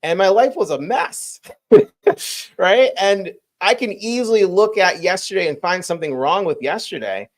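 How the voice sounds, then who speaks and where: A man's voice: high voice, animated, normal speed, hardly any pauses. Earnest reflective male podcast host. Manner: reflective, earnest, tags lines with "right?". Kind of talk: casual podcast conversation. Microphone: remote video call.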